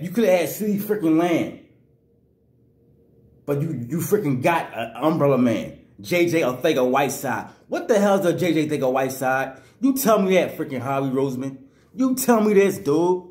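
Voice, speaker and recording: A man's voice: fairly high pitch, a little mellow, reverberant. Angry man ranting about football. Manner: angry, repetitive, slangy. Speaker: sports vlogger. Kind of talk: fired-up sports rant.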